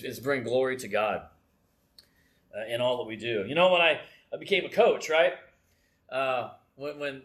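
This middle-aged man has a medium-pitched, fairly bright voice as he gives an informal sermon at the front of a church. Personal anecdotes and self-deprecating humor fill his talk, punctuated by frequent "right?" check-ins.

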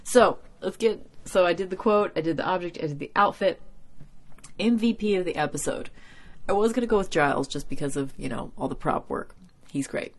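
A woman's voice: lowish voice, expressive, a little fast. A young adult woman hosting a podcast, giving a chatty, profane episode recap full of "like," sounding tired after a workday. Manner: chatty, profane, heavy use of "like". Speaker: podcast host.

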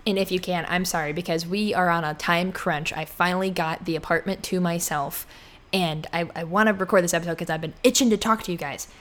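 Young woman, solo podcast host, rambling casual chat, restarts a lot, slightly low voice, apartment room. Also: fairly even intonation, a little fast, a bit bright. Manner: rambling, chatty, self-interrupting with many likes.

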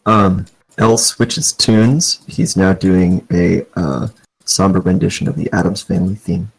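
A man's voice: sits low, measured pace, vocal fry, breathy edge. A man playing a tabletop game who makes dry, joking asides. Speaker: player.

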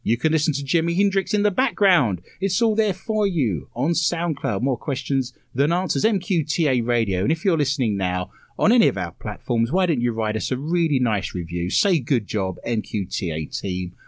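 Lively, playful male radio host. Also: on the high side, brisk, hardly any pauses, no echo, studio quality. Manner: playful, teasing, full of innuendo. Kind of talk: comedic radio chat.

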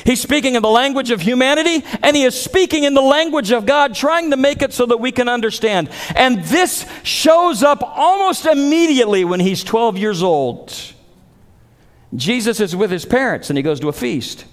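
A man's voice: very high-pitched, expressive, moderate pace. A man pastor preaching a dramatic sermon, acting out the voices of biblical figures. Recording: long hall reverb.

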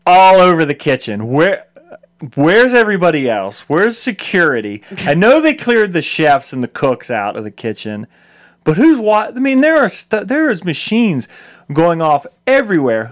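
A man co-hosting a casual chat, retelling movie scenes with animated disbelief. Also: on the high side. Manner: animated, incredulous storytelling. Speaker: podcast co-host.

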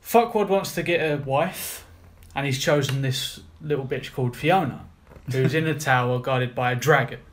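A man's voice: medium pitch, normal speed, hardly any pauses. A young man, co-hosting a casual film podcast and recapping plots bluntly, with plenty of swearing. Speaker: podcast co-host. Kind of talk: casual chat.

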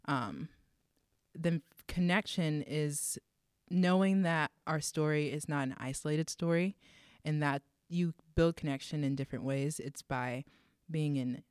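A young woman with a smooth, radio-style voice, talking through ideas in a measured, reflective way. The sound is dry and close, with no room around it. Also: sits low, a little mellow, no echo. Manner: measured, reflective, defines terms. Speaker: co-host. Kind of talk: casual faith discussion.

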